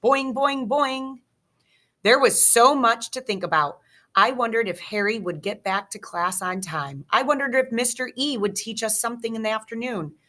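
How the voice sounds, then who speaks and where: A woman teacher reading a children's chapter book aloud with slow, expressive storytelling. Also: fairly high pitch.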